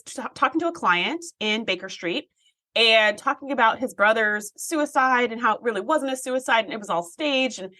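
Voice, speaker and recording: A woman recapping an episode on a podcast, her voice bright and a touch high. She tells the story in an animated way and acts out the quotes as she goes. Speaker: podcast co-host. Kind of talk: casual chat, recapping an episode.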